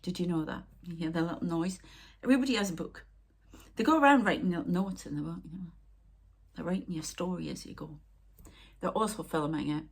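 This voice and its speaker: A woman's voice: on the low side, fairly quick, vocal fry, pauses often, husky. A woman who works as a spiritual medium, rambling in an emotional, upset way as she talks on her vlog and often dropping to a near whisper. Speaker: spiritual medium and channel host. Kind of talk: casual spiritual vlog talk.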